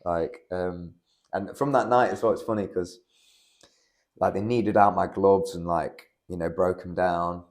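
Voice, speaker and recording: A man's voice: deep voice, steady tone, a little slow, darkish tone. A young man, a guest fighter, telling a story in casual podcast talk, rambling with lots of fillers and swearing. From United Kingdom. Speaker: guest, amateur MMA fighter.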